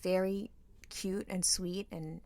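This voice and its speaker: A woman's voice: fairly low pitch, takes it slowly, gravelly, no echo. A woman co-hosting a podcast, telling a story in casual chat and acting out the people she quotes. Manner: animated storyteller, acts out quoted voices. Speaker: podcast co-host.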